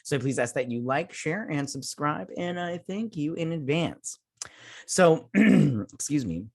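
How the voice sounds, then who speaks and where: A man's voice: a little high, lively intonation, a little slow, creaky, slightly rough, no echo, clean studio sound. A man hosting his own channel, reviewing a TV episode in a rambling, scatterbrained casual chat. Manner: rambling, scatterbrained, many restarts.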